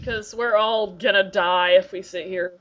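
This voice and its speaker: A woman's voice: medium pitch, steady tone, unhurried. A woman hosting a podcast in casual chat, talking freely and laughing often. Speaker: podcast host. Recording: dull lo-fi recording.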